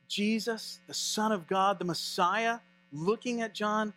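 Bright high-voiced male pastor preaching. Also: a little slow, faint music behind. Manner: animated, conversational preaching. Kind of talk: sermon.

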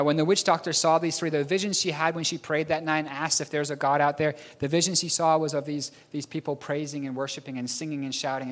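Young male preacher, earnest storyteller, a touch high-pitched, echoing church hall. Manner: storytelling, earnest with self-mocking laughs. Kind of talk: sermon. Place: church auditorium.

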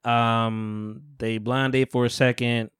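A man's voice: mid-range voice, slow, smooth, no echo, clean studio sound. A man hosting a podcast, recapping a reality show in casual chat and acting out the people in it. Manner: animated storytelling with laughs and playful voices. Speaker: podcast host.

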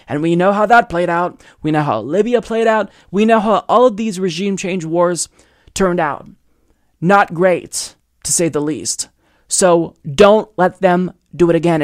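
A man delivers a political opinion monologue in a fairly high voice. He leans hard on his points and speaks directly to his audience. His voice sounds close and dry, with no room around it. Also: no echo. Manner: emphatic and persuasive, addresses viewers directly. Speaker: political commentary host.

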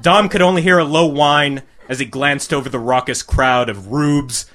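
A man reading a crude comic short story aloud to a live audience, with a deadpan delivery. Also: mid-range voice, normal speed.

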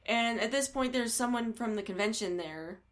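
A woman's voice: fairly high pitch, moderate pace. A woman in her thirties telling a long story in a casual podcast chat, a little hungover, acting out what people said and laughing often. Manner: animated storyteller, acts out quotes, laughs often.

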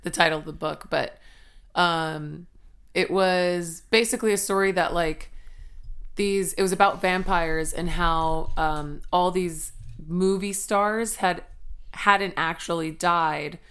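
A woman with a slightly low voice co-hosts a laid-back music podcast. She talks in an easy, relaxed way, laughs readily, and mostly chimes in with short agreeing replies. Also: takes it slowly, clean tone. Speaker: podcast co-host. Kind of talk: casual chat about music.

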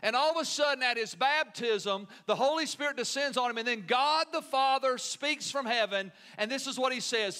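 A man's voice: extremely high pitch, normal speed, few pauses, sharp tone, clean tone. A male pastor preaching a sermon in an earnest, emphatic way, often asking the congregation questions.

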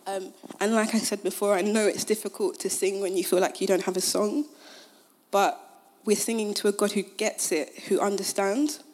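A young woman gives a casual, conversational sermon. She leans on fillers and modern slang as she retells the story. Her voice sits at an ordinary middle pitch. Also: fairly even intonation, moderate pace, a little mellow. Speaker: speaker at a Christian gathering.

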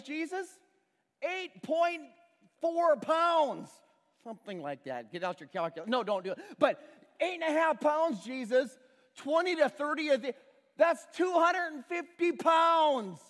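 A high-voiced man preaches to a congregation in a church sanctuary, and his pitch swings widely as he acts out the characters in the story. The long reverb of the hall trails after his words. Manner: animated storytelling, acts out characters and uses a prop. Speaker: pastor. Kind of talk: sermon.

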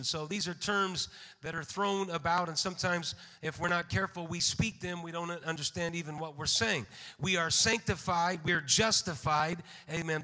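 A high-pitched man preaches a sermon. His voice is bright and forceful, and it rings with long reverb through a church sanctuary. He speaks in a measured way and calls out amen. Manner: measured, slows for scripture readings, calls out amen.

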